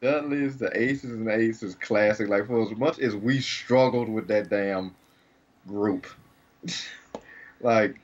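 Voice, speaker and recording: A man's voice: lowish voice, slow, long pauses. A man co-hosting a podcast in casual chat, rambling with frequent restarts and laughter. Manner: rambling, restarts often, laughs while talking. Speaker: podcast co-host. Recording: dull lo-fi sound.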